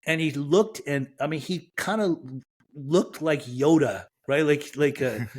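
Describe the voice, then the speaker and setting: A man's voice: a little high, measured pace, husky. A man from Iran, a podcast guest, frankly and reflectively telling his own recovery story with self-mocking humor.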